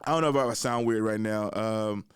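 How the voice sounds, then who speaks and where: A young man hosting a podcast, hoarse after losing his voice, telling stories in casual chat and swearing freely. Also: on the low side, fairly quick, no echo, studio quality. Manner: animated, swears a lot, acts out voices loudly. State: hoarse from lost voice. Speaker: podcast host. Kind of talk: casual storytelling.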